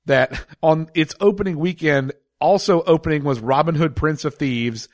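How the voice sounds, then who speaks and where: A man's voice: a little high, normal speed, no echo. A man co-hosting a casual podcast chat, chuckling often as he talks. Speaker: podcast co-host.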